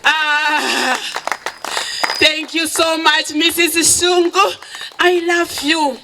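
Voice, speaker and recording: A woman who founded a charity, giving an emotional event speech that switches between English and Shona and thanks people warmly. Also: sits high, fairly even intonation, very slow, background noise. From Zimbabwe.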